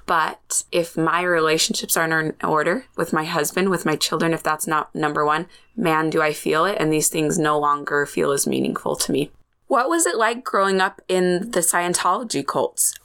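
A woman's voice: low-pitched, expressive, normal speed, a bit bright. A woman hosting a podcast interview, asking questions and sharing her thoughts with enthusiasm. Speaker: podcast host. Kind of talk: conversational interview.

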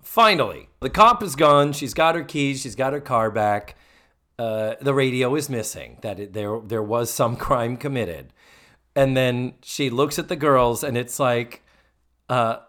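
A man co-hosting a podcast, chatting casually and theatrically as he recaps a TV episode. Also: mid-range voice. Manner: animated, theatrical, quick to act out quotes. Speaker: podcast co-host.

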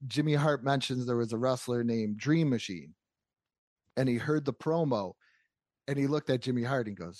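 A man's voice: mid-range voice, darkish tone, no echo, clean studio sound. A man chatting casually as a podcast co-host, building his points with frequent restarts.

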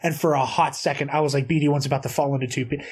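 A man co-hosting a casual podcast, telling game stories with lots of fillers and excitable energy. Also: medium pitch, rapid-fire, breathy edge. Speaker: podcast co-host. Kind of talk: casual podcast chat about video games.

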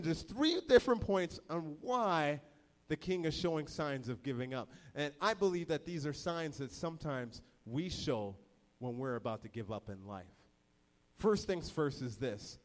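Man, preacher, sermon, casual slangy storytelling, fairly high voice, long hall reverb.

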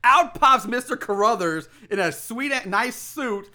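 A man's voice: very high voice, lively intonation, a little slow, sharp tone. A man co-hosting a casual podcast, recapping a film plot in a rambling, profane way with lots of restarts. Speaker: podcast co-host.

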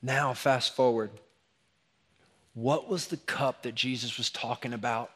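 A man preaching a sermon in a church, animated, acting out sarcastic asides before dropping to a hushed, intense tone. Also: medium pitch, unhurried, husky. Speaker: pastor. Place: church sanctuary.

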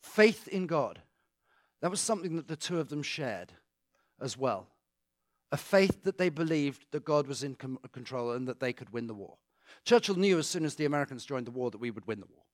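Speaking briskly and with animation, this medium-pitched British man is recorded dry and clean, as in a studio. As a guest speaker at a church, he jokes conversationally with the congregation, makes asides and answers questions.

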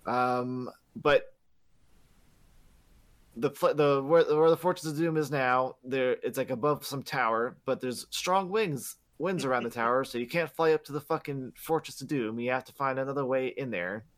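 A man's voice: mid-range voice, moderate pace. A man co-hosting a podcast recaps a video game's story in loose, meandering fashion. He fills his sentences with "like" and "uh" and swears freely as he goes. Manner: rambling, profane, many fillers. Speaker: podcast co-host. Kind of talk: casual game recap.

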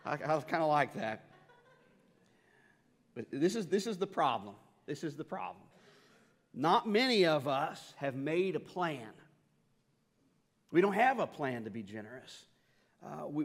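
A male pastor giving a conversational sermon, often repeating words as he restarts sentences and swinging between quiet and loud. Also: on the high side, sing-song, unhurried, long pauses. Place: church sanctuary. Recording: long hall reverb in a church.

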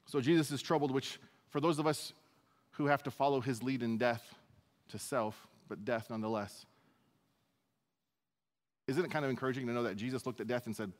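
A male pastor teaches verse by verse through scripture in a relaxed, conversational sermon with self-deprecating asides. His average-pitched voice is fairly quick with frequent pauses, ringing with long reverb as if in a large church hall.

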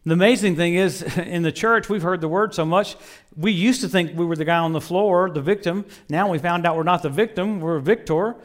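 A middle-aged man preaching a sermon, telling stories with lively swings between loud bursts and low murmurs, laughing often. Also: brisk. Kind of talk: sermon with storytelling.

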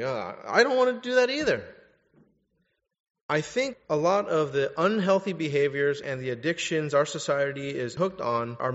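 A young adult man preaching in a big hall, his voice ringing out with a long reverb behind it. He moves from candid, animated stories to direct exhortation. His pitch sits on the higher side, and the recording is muffled and lo-fi. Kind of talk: sermon.

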